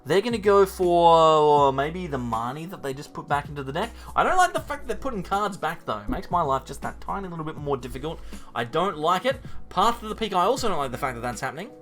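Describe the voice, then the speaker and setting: A man's voice: a little high, sing-song, fast, fairly bright tone, soft background music. A man casually commentating his own card game match, thinking aloud and talking to himself with playful, wry asides.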